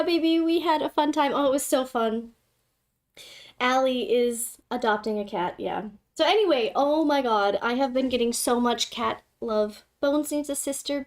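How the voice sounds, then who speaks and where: A young woman hosting a casual livestream, giggly and gushing, swearing casually as she chats. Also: on the high side. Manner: giggly, swears casually, gushes over her cat. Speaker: livestream host.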